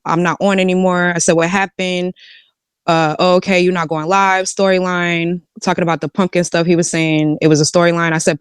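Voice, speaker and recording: Woman streamer, candid casual storyteller reading texts aloud, lowish pitch. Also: clear, resonant tone, no room sound, clean studio sound. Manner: reads out text messages, slangy and candid. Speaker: live streamer. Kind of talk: casual recounting of messages.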